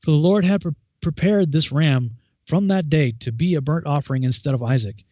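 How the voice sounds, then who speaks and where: A man hosting a Bible study, reading scripture aloud in a steady, measured way with small restarts. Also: fairly high pitch, no echo. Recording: dull lo-fi dry sound.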